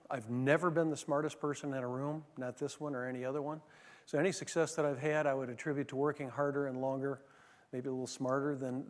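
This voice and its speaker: In a medium-pitched, slightly mellow voice, a man who was once a managing partner tells stories during a leadership talk, with many fillers and restarts. The sound carries a long hall reverb.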